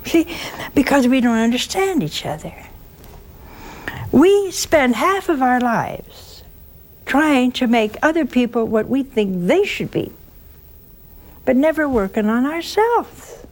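A woman's voice: high-pitched, big pitch swings, slow pace, long pauses, a little mellow. A woman preaching an informal sermon full of stories, plain-spoken, sometimes dropping to a whisper for emphasis. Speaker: religious speaker.

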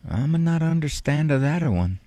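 A man's voice: fairly high pitch, expressive, normal speed, warm tone, dry recording, lightly acted. A man voicing an elderly Italian immigrant grandfather with an Italian accent, speaking broken English and asking baffled questions. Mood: puzzled.

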